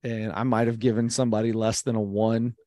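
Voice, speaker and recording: A man co-hosting a podcast, talking in an excitable, rambling way with plenty of fillers. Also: fairly low pitch, fairly quick, no echo, clean studio sound. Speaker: podcast co-host. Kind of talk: casual chat.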